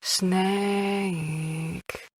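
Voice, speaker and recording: A man voicing a seductive, ruthless female sniper with a Middle Eastern accent, taunting in a slow, drawn-out delivery for an audiobook. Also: high-pitched, dry recording, clean studio sound, voice pushed up, exaggerated voice. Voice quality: husky, purring. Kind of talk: audiobook character voice.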